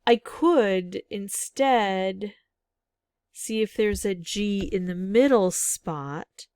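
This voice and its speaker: A woman's voice: medium pitch, drawn-out words, darkish tone, dry recording, clean studio sound. A woman thinking aloud as she works through a word game, musing over guesses in casual commentary. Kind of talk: casual solo gameplay commentary.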